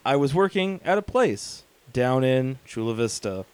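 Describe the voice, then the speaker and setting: A man, co-hosting a podcast, telling profane stories in an animated way with laughter. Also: medium pitch, unhurried, clean tone, no echo. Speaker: podcast co-host. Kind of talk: casual chat, storytelling.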